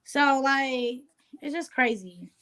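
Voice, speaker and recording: A woman talking as an interview guest in casual chat, relaxed and streetwise, often asking "you know what I'm saying". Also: high voice, takes it slowly.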